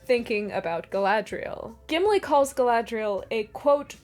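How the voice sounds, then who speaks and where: A woman's voice: fairly high pitch, animated, measured pace, few pauses, darkish tone, soft background music. A woman hosting a video essay in casual commentary, with wry, sarcastic asides.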